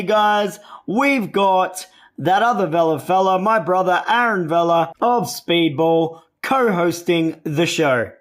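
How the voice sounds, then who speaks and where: A man's voice: high-pitched, roomy sound. A man with an Australian accent hosting a music radio show, upbeat and chatty, calling his listeners guys.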